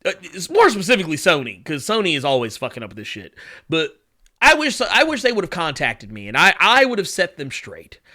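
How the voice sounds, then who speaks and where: A man's voice: on the high side, a little fast. A man hosting a casual pop culture show, swearing freely, laughing often and joking around. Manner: animated, swears freely, laughs often, does mocking voices. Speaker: podcast host. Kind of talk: casual chat.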